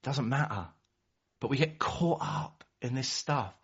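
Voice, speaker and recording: A man's voice: medium pitch, animated, a little slow, a bit bright, husky. A man giving a passionate, storytelling share at a recovery meeting, sometimes acting out other people's voices. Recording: dull lo-fi recording.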